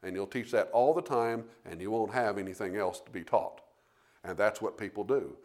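A man's voice: on the low side, moderate pace, darkish tone. Rambling, emphatic male preacher. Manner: rambling with restarts, rising to emphatic. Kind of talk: sermon.

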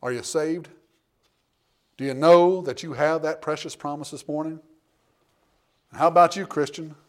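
A male pastor preaching a sermon, reading scripture aloud and swinging between loud fervent preaching and hushed, intimate storytelling. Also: on the high side, fairly even intonation, moderate pace, pauses often. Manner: reads scripture aloud in King James wording.

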